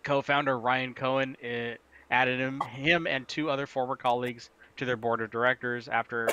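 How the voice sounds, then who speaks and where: A man's voice: mid-range voice, flat delivery, moderate pace, bright, forceful tone, lo-fi sound, a little hiss or hum. A man co-hosting a casual stream, rambling through game news with lots of fillers and casual swearing. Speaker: stream co-host.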